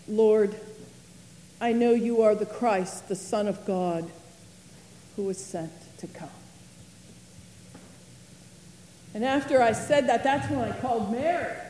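A grieving biblical sister, earnest and emotional, played by a woman in a first-person stage monologue. Her high voice moves slowly. The sound is roomy, with a long hall reverb. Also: darkish tone, slight background noise. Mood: awed, reflective. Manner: earnest and emotional, dwelling on words. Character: grieving woman, sister of Lazarus, fond of tidiness.

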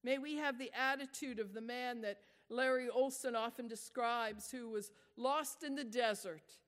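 A woman delivers a sermon, praying and telling a story in a gentle, reflective way. Her voice sits fairly high and moves at an unhurried pace. It echoes through a large hall with a long reverb. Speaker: preacher.

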